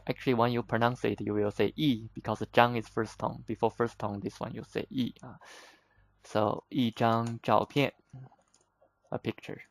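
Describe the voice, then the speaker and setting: Slow, gravelly-voiced man teaching vocabulary. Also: medium pitch, dry recording. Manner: patient, repeats words slowly, frequent "uh" fillers. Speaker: Chinese teacher. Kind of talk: vocabulary lesson explanation.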